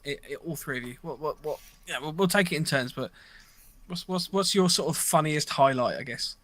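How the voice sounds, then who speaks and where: Man, British accent, podcast host, bright voice, slightly high, earnest, dry sound. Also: lively intonation, a little fast, no echo. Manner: earnest, reads chat comments. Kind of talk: casual podcast chat.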